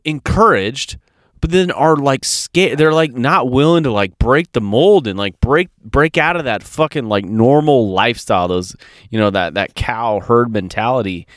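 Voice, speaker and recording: A frustrated man co-hosting a podcast vents bluntly and swears freely. His pitch swings widely from line to line. The recording is dry and close, with no room sound. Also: no room sound. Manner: blunt, profane, acts out other people's voices in anecdotes. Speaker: podcast co-host. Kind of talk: casual podcast chat.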